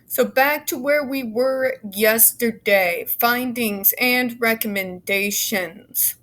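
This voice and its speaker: A woman's voice: fairly high pitch, slow, a bit bright. Fiery, foul-mouthed woman ranting. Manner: fiery, profane and sarcastic; stumbles over her words. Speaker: YouTube commentator. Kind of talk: reading a report aloud with ranting commentary.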